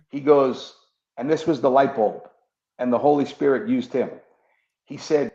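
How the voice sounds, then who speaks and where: A man's voice: mid-range voice, normal speed, long pauses, mellow. A man, a former police officer turned preacher, earnestly telling his conversion story in an interview and acting out the dialogue he recalls. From New York. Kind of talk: personal testimony in an interview. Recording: muffled echoey room.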